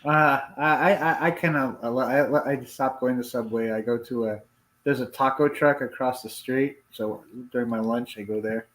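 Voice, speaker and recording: A man's voice: mid-range voice, normal speed, fairly bright tone. A man joining a live stream as a guest, joking and teasing in casual chat over a video call.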